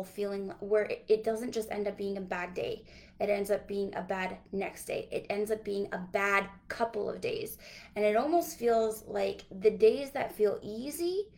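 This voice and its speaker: A woman's voice: medium pitch, darkish tone. A woman giving a livestreamed motivational talk to entrepreneurs, earnest and repetitive, often restarting her phrases. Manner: earnest, repetitive, self-correcting. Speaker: business coach.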